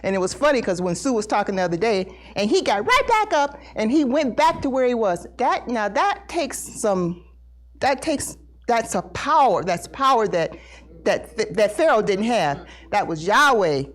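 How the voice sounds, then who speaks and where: A middle-aged woman giving an emotional personal testimony at a Bible study, earnest and halting, repeating words as she talks. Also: a little high, sing-song. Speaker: congregation member sharing testimony.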